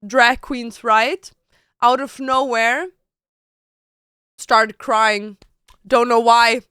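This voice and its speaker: Bright, crisp-voiced chatty woman streamer. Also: high voice, no room sound, studio quality. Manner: chatty, slangy and expressive, with frequent "like". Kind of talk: casual chat to stream viewers. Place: home bedroom.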